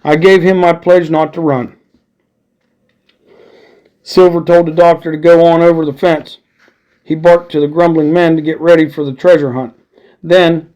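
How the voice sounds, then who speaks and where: A man's voice: fairly high pitch, a little mellow, smooth. Man casually reading an adventure story. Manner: casual, friendly asides to listeners.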